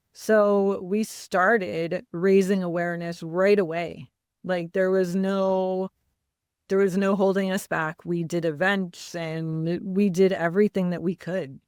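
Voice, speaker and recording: A mother telling her family's story in an interview, candid and halting, with frequent fillers. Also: lowish voice, darkish tone, clean tone, dry recording, studio quality. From Canada. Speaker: guest, mother.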